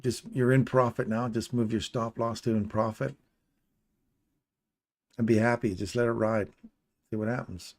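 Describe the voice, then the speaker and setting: A man's voice: medium pitch, steady tone, moderate pace, long pauses. A man from Canada hosting a live trading stream, pointing at charts and greeting chat viewers by name. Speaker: trading livestream host.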